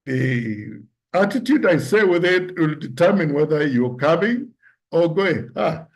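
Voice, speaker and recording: A man giving an instructive talk on public speaking, explaining points deliberately and acting out example lines to show tone. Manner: deliberate, demonstrates pitch and tone examples aloud.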